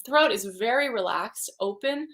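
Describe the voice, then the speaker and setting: A woman leading a livestreamed vocal warm-up as a vocal coach, chatting in a relaxed, encouraging way between exercises. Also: a little high, moderate pace.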